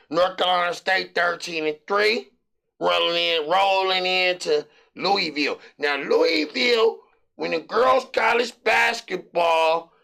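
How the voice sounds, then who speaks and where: A middle-aged American man hosting a sports betting show, rambling loosely through his picks with hype and shout-outs. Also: a little high, gravelly. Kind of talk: casual sports picks monologue.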